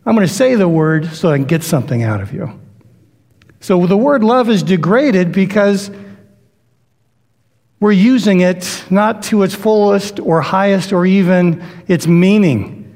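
High-voiced preacher in a reverberant hall. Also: male voice, animated, unhurried, a little mellow. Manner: conversational preaching, acts out quoted voices. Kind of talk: sermon.

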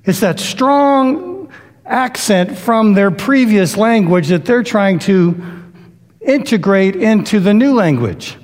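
Brief: male preacher, high voice, conversational sermon delivery, long hall reverb.

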